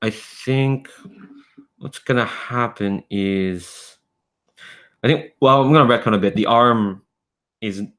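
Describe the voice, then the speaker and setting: Low-voiced man running a tabletop game. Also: slow pace, long pauses, a bit bright. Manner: thinks aloud, revises as he goes. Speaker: game master.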